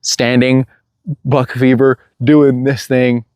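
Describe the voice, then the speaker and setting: A man tells a hunting story in a relaxed, casual way. His voice sits in a middle pitch and is recorded dry and close, with no room sound. He gets animated and laughs now and then as he acts out the lines. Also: takes it slowly, clean tone, dry recording. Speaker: hunter telling a hunt story.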